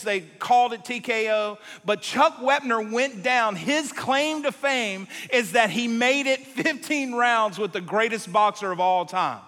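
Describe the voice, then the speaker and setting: A man preaching a sermon to a live congregation, telling a story animatedly and jumping between tangents. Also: high-pitched. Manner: animated, jumps between tangents, acts out quotes. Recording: long reverb of a large hall.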